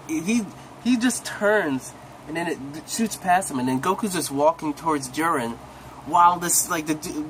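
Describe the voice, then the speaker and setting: Young guy hyped up recapping an anime ep, kinda high voice, slangy and rambly, coughs sometimes, light hiss behind. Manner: excited, rambling retelling with slang and restarts. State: coughing now and then. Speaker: recap host. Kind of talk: casual anime episode recap.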